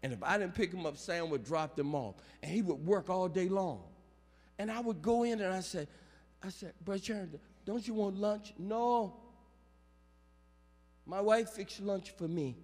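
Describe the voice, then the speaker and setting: A male pastor preaching a funeral sermon, calling out to the congregation for amens and building up to shouts. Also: high-pitched, normal speed. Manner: call-and-response preaching, rising to shouts. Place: large church sanctuary. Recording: long church reverb.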